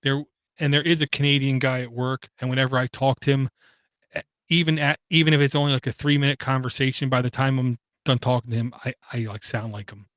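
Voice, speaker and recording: A man's voice: medium pitch, little pitch movement, fast, fairly bright tone, no echo. A man co-hosting a podcast in casual chat, rambling and opinionated, often restarting his sentences. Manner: rambling, self-interrupting, opinionated. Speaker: podcast co-host.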